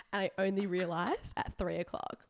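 A young woman co-hosting a podcast, telling chatty stories with laughs. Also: lowish voice. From Australia. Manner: chatty, animated storytelling with laughs. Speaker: podcast co-host. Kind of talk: casual chat. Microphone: remote call.

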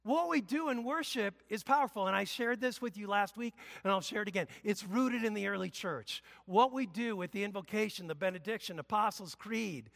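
Male pastor, conversational preacher with loud bursts; tense, forceful tone, long hall echo. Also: high-pitched, a little fast, creaky, few pauses. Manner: emphatic, conversational preaching with sudden loud exclamations. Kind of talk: sermon. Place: church sanctuary.

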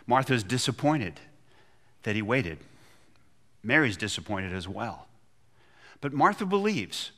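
A man's voice: medium pitch, big pitch swings, measured pace, pauses often, fairly bright tone. A man preaching a sermon, retelling a scripture story and acting out the quotes with feeling. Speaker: pastor.

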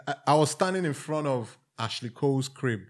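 A Nigerian man in his forties recounting his hustle years in a loose, chatty interview. He talks with plenty of energy, drops "bruv" often and slips into other people's voices to bring a story alive, all in a voice of middling pitch. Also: normal speed. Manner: animated storyteller, acts out quoted voices, says "bruv". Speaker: podcast guest, music executive.

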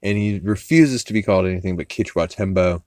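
A man's voice: low voice, a little fast, darkish tone, no echo. A man hosting a podcast, casually recapping an episode in a rambling, profane way with many fillers and restarts. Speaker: podcast host.

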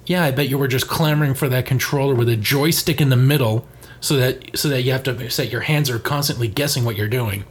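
A man's voice: mid-range voice, quick pace. A man co-hosting a casual chat show, reading magazine letters aloud with sarcastic asides and frequent laughter. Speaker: podcast co-host.

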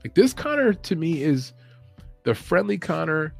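A man's voice: on the high side, sing-song, a little slow, creaky, faint music behind. A man hosting a podcast in a casual opinion chat, rambling, opinionated and chuckling as he talks. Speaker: podcast host.

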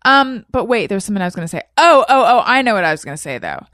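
A woman's voice: medium pitch, sing-song, racing, fairly bright tone, no room sound, clean studio sound. A woman in her thirties hosting a podcast, chatty and laughing often, reading listener posts aloud. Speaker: podcast host. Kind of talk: casual chat.

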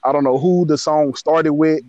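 Male co-host, casual album review, dismissive and blunt, higher voice, muffled lo-fi sound. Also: steady tone, a little mellow, dry recording. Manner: blunt, dismissive, fast slangy talk. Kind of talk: casual music review chat.

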